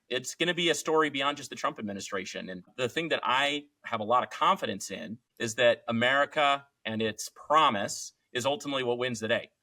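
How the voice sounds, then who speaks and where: Guy in his 30s on a podcast, earnest and thoughtful, bright sharp voice, keeps restarting. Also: medium pitch. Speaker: podcast guest, legal commentator. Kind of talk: casual chat.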